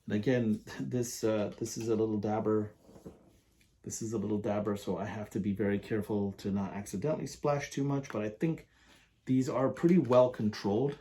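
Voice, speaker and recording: A man reviewing perfumes in a casual, enthusiastic, rambling way, often pausing to read product descriptions aloud. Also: fairly low pitch, steady tone, mellow, slight background noise.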